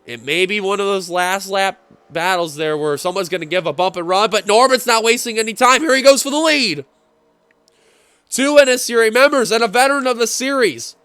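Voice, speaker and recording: Excitable high-voiced male race commentator. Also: a little fast, clean tone, no room sound. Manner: excitable, rises sharply at race finishes. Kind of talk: play-by-play sim racing commentary.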